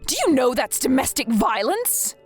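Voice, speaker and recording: A woman voices a firm, scolding older grandmother, her pitch set a touch high and swinging lively across each line. Soft music plays under the reading of this text-message story. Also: moderate pace, husky, exaggerated voice. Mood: accusing. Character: worried stern grandmother texting.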